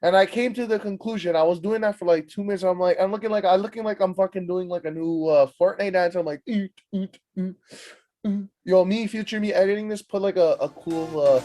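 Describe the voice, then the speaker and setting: Profane, animated young man telling stories. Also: high-pitched, fast, hardly any pauses. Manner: profane, animated, self-mocking, frequent "like" fillers. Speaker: podcast host. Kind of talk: rambling comedic storytelling.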